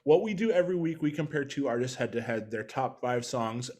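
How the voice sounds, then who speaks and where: A man's voice: mid-range voice, lively intonation, a little fast, darkish tone. A man hosting a casual online music show, introducing his co-hosts and guest announcer-style. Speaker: podcast host.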